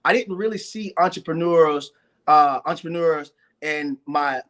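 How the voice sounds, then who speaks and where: A man's voice: fairly high pitch, measured pace, fairly bright tone. A middle-aged man, a guest entrepreneur, telling his life story earnestly in a live interview, repeating phrases and stacking up lists of hardships.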